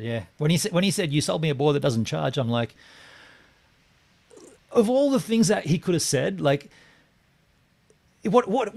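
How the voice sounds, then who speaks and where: Animated man telling a story. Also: mid-range voice. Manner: animated storyteller, acts out quotes, swears. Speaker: podcast co-host. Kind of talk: casual storytelling chat.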